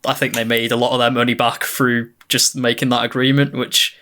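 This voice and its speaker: A man with a bright, forceful voice co-hosting a gaming podcast from home over an internet call. He chats casually, often agreeing and adding facts. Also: medium pitch, flat delivery, brisk. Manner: agreeable, informative backchannels. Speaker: podcast co-host. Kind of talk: casual chat.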